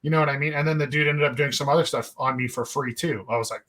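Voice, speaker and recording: A man's voice: medium pitch, fairly even intonation, quick pace, fairly bright tone. A young man hosting a podcast, telling a long story in a rambling, profane, laid-back way. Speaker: podcast host. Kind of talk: casual storytelling chat.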